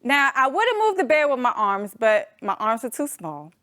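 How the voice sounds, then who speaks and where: An adult woman telling a humorous personal story to an audience, animated and playful, calling them y'all. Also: sits high, normal speed, dry recording, clean studio sound. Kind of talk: storytelling talk.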